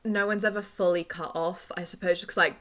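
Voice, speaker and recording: Bright-voiced enthusiastic woman podcaster. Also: on the low side, fairly even intonation. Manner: enthusiastic, laughing, quick agreement. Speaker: podcast co-host. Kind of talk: casual chat.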